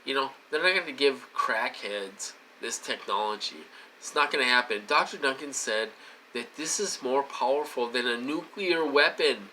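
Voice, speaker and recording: A man's voice: medium pitch, lively intonation, normal speed, pushed and bright, slight background noise, poor audio. A middle-aged man talking into his phone to his viewers in a rambling, insistent monologue, repeating himself with agitation. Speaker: vlogger.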